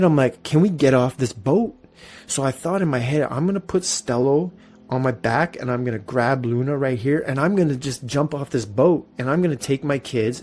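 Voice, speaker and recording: A man in his thirties hosting a podcast, telling a story in an animated, profane, casual way. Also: a little high. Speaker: podcast host.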